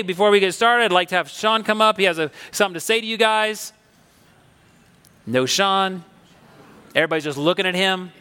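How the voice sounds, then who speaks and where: Animated man preaching in a big hall. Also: high-pitched. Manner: conversational storytelling, animated and emphatic. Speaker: pastor. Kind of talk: sermon.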